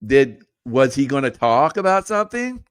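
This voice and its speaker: A man's voice: medium pitch, very animated, moderate pace, clear, resonant tone, no room sound, studio quality. A middle-aged man hosting a show, telling rambling stories in a casual, conspiratorial monologue and laughing between points. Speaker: show host.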